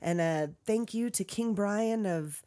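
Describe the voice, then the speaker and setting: Woman co-host, casual chat, laughs and curses a lot, medium pitch, podcast recorded in a garage. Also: takes it slowly, mellow. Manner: laughing, profane and joking. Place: open garage.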